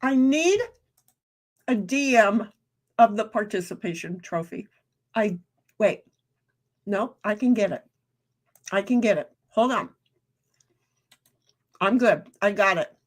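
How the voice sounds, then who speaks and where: A woman's voice: mid-range voice, lively intonation, takes it slowly, pauses often. A woman streamer in casual rambling chat, reading viewer comments aloud and talking while eating.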